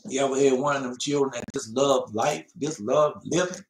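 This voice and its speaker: A man preaching a fiery Bible-study sermon, swinging between loud emphatic bursts and soft mocking asides, and reading scripture slowly. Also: medium pitch, gravelly, echoey room, slight background noise. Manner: slow, drawn-out scripture reading.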